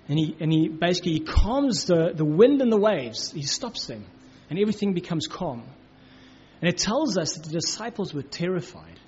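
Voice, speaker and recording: This man's high voice has lively intonation and a breathy edge, and he speaks fairly quickly. He's a preacher teaching the Bible casually, full of "you know, like" fillers and acted-out quotes, captured in dull, lo-fi sound.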